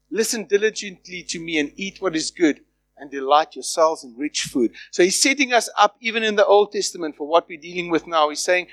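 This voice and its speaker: High-voiced man preaching animatedly. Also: dry recording. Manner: animated preaching, acting out quoted voices, playful asides. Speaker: pastor. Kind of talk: sermon.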